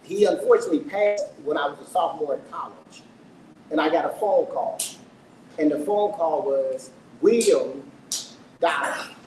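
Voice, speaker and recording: With a voice on the high side and a darkish tone, a middle-aged man speaks at normal speed during his book launch. He tells the audience an emotional, earnest personal story and asks them questions, and the event room recording is echoey, distant and faintly noisy.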